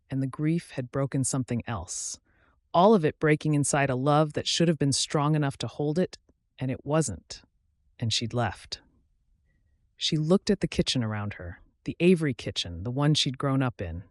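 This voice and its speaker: A man reading a romance audiobook in a calm, measured way, his voice softly dropping at the ends of sentences. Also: medium pitch, no echo, studio quality. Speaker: audiobook narrator. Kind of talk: scripted audiobook narration.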